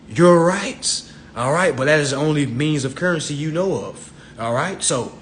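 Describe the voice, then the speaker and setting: On a home livestream, a financial self-help lecturer holds forth in a streetwise, profane style, laughing at his own jokes and dropping into mock voices. His voice sits on the high side and is a bit bright, with a little hiss or hum.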